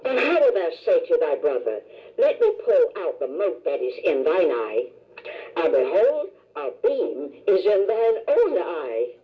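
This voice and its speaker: A woman's voice: sing-song, measured pace. A woman reading Bible verses aloud in old-style wording during a sermon. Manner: reads old-style scripture with rising and falling pitch. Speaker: scripture reader. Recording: dull lo-fi sound.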